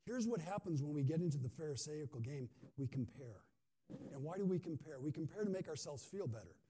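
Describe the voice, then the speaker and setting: A man's voice: a little high, lively intonation, fairly quick, dark tone, slight background noise. A male pastor giving a conversational sermon, often asking his listeners questions. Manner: conversational, asks the audience questions.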